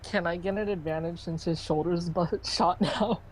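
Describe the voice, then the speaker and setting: A woman's voice: lowish voice, steady tone, moderate pace, a little hiss or hum, low-quality recording. A woman playing in a tabletop game, asking questions and sounding unsure. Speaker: player.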